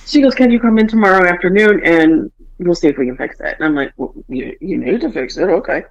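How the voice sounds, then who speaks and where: A woman's voice: on the low side, fast talker. Bawdy storytelling woman, dull lo-fi sound. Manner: animated, bawdy storyteller acting out dialogue. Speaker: podcast host. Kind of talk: casual podcast chat. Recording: dull lo-fi podcast audio.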